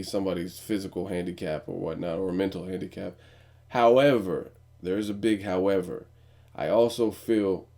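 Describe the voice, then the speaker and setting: A man's voice: low voice, mellow. A young man giving a blunt, profane, opinionated commentary as a vlogger host. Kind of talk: casual news commentary.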